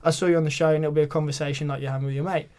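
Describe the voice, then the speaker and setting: A young man from Britain chatting on a podcast, rambling through a story with lots of filler words. His voice sits a touch higher than most men's. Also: flat delivery, very fast, a little mellow, smooth. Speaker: podcast guest. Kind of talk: casual chat.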